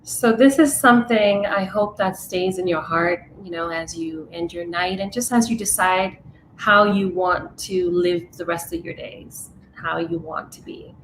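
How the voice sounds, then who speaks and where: A woman from Uganda, a wellness coach guest, talking softly and earnestly and reading a heartfelt affirmation. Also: fairly low pitch, a little slow. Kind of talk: interview chat and read affirmation. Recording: echoey room with faint background noise.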